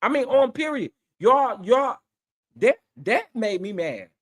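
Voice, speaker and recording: A man hosting a casual live stream, talking in a sassy, animated way and repeating phrases for emphasis. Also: extremely high pitch, slow pace. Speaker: livestream host.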